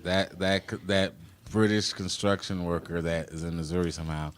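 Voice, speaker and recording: A man's voice: sits low, moderate pace, clean tone. A man from Chicago hosting a live comedy game show, jokey and riffing on the guests. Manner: jokey, animated, riffs and laughs at his own jokes.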